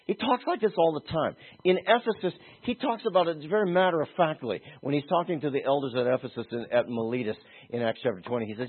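A man preaching a sermon, talking animatedly and moving from soft, slow stretches to emphatic ones. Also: on the high side, expressive, breathy edge. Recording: tinny phone-like audio.

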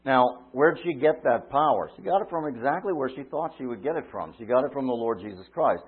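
A man preaching a sermon, retelling a story dramatically, swinging from loud cries to quiet asides. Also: mid-range voice, lively intonation, fairly quick, slightly rough. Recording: tinny phone-like line.

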